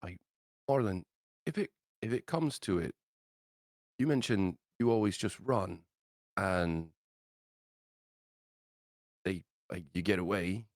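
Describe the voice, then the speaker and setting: A man's voice: deep voice, slow pace, long pauses, darkish tone, no room sound, clean studio sound. A man playing a tabletop role-playing game, thinking aloud with hesitant fillers. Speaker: player. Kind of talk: casual tabletop game chat.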